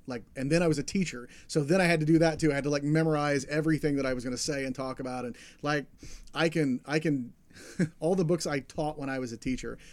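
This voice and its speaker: A young adult man, a podcast co-host, chatting casually about comic books and retelling a story with enthusiasm, briefly acting out the characters. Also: mid-range voice. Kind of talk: casual comic book chat.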